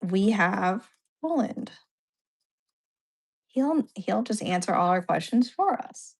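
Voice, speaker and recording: A young woman chatting on a video call, animated and talkative, often retelling what others said. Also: medium pitch, slow, vocal fry, breathy edge. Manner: chatty, animated, quotes others in little voices. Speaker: co-host. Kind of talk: casual chat over a video call.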